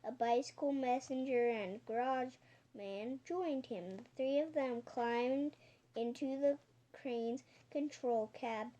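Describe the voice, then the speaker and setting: A woman reading a children's storybook aloud, halting now and then and correcting herself. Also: sits high, warm tone, dull audio. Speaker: audiobook reader.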